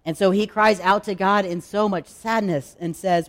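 A male pastor delivers a sermon to his congregation. His voice sits a little high for a man, and he talks candidly and conversationally, pausing for effect. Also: fairly even intonation, fairly bright tone. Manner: conversational, candid preaching with dramatic pauses.

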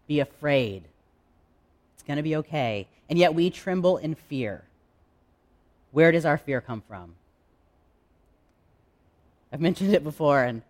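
A man preaching a sermon in a candid, conversational way, with dramatic pauses. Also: fairly high pitch. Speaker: pastor.

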